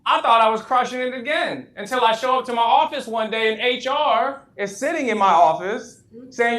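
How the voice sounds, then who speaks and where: A man's voice: extremely high pitch, moderate pace, fairly bright tone. A man giving a live workshop talk to an audience. He tells humorous stories, laughs often at his own jokes and asks the audience questions. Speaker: motivational speaker. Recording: echoey room.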